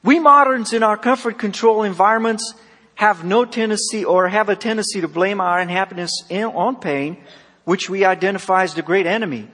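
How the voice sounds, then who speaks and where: A man preaching a sermon, emphatic, swinging between loud and soft, acting out dialogue with a slightly husky voice. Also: high-pitched, brisk. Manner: emphatic, rising and falling sharply, acts out dialogue. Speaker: pastor. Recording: long hall reverb.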